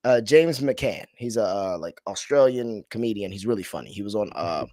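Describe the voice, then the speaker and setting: A man's voice: lowish voice, animated, normal speed, warm tone, dry recording, studio quality. A man hosting a casual podcast chat, rambling and trailing off as he searches for names. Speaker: podcast host.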